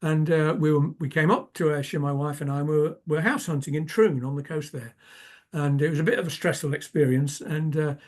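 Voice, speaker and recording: A man's voice: fairly high pitch, steady tone, brisk. Older man in his 70s, English accent, humorous storytelling, slightly raised voice. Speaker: guest speaker. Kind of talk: club talk presentation.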